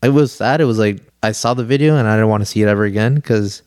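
A man's voice: on the low side, fast talker, a little mellow, no room sound, clean studio sound. Slangy young man telling a story. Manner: laid-back, slangy, lots of "like" and "dude". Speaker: podcast guest. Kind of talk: casual storytelling chat.

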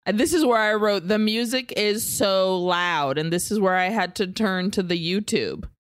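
A woman's voice: medium pitch, moderate pace, clean tone, no room sound, clean studio sound. A woman co-hosting a podcast with a Dominican-American accent, chiming into a casual movie chat with short remarks in English and Spanish. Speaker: podcast co-host.

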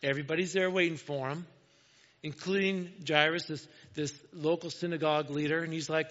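A man preaching a sermon, retelling a gospel story in a casual, conversational way and often dropping to a soft, hushed voice. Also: fairly high pitch, fairly even intonation, fairly quick. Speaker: pastor. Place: church sanctuary. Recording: dull, lo-fi church recording with long hall reverb.

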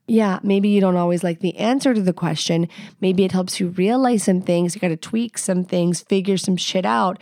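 A woman's voice: medium pitch, creaky, dark tone, no echo, studio quality. A woman hosting a podcast, giving blunt, profane, playful advice in a casual chat. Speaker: podcast host.

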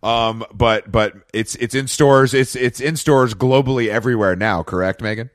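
A man's voice: mid-range voice, normal speed, dry recording, studio quality. A man hosting a podcast in a casual, joking way, swearing freely and rambling through his sign-off. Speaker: podcast host.

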